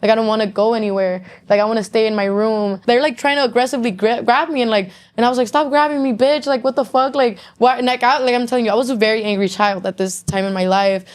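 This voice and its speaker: A woman's voice: a little high, fairly even intonation, fast, few pauses, clear, resonant tone. A young woman speaking as a podcast guest, telling her own story openly. Her talk is loose and casual, full of swearing and constant "like.". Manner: candid, swears often, says "like" constantly.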